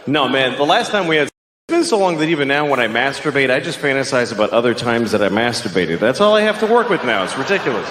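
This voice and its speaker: A middle-aged comic rants through a profane stand-up set on a club stage, his lively, brisk delivery jumping into shrill yelling bits. The live recording has a roomy, big-room sound with clear audience noise.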